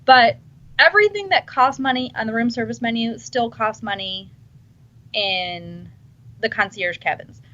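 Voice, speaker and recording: A woman's voice: on the high side, unhurried, bright, forceful tone. A woman chatting casually on a podcast, enthusiastic and restarting her sentences often. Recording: dull lo-fi sound.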